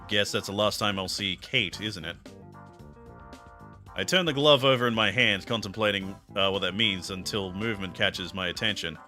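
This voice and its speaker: A man's voice: on the low side, moderate pace, bright, forceful tone. A man on a stream reading a story game's narration aloud, playfully joking and breaking off to laugh. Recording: game music in the background.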